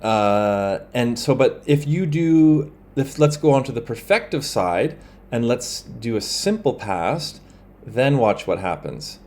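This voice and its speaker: A man teaching a grammar lesson over slides, explaining in a relaxed way with fillers and quick self-corrections, and saying example phrases in another language. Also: medium pitch.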